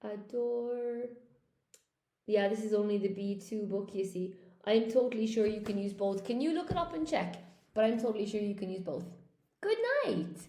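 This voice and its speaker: A woman's voice: medium pitch, a little fast, mellow, echoey room. An Irish woman and English teacher running a live-stream lesson, chatting with viewers, thinking aloud and reading out their comments. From Ireland.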